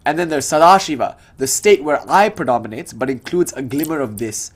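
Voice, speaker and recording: A young man teaching a spiritual tradition in a relaxed, conversational lecture, reciting terms from a classical language as he explains them. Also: a little high, fairly quick, husky.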